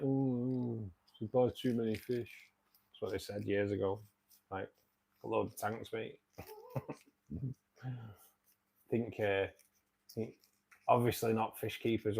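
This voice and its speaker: A man's voice: fairly low pitch, level tone, unhurried, creaky, long pauses, a little mellow, breathy edge. A man in his forties with a Manchester accent, hosting a casual livestream and chatting matily with viewers. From England, outskirts of Manchester. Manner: chatty, matey, reads out and answers viewer comments. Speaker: livestream host.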